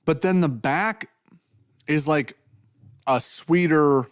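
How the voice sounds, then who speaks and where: A man's voice: a little high, takes it slowly, clear, resonant tone, dry recording, studio quality. A man hosting a casual whiskey tasting, talking in a loose, joking way with plenty of swearing. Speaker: whiskey show host.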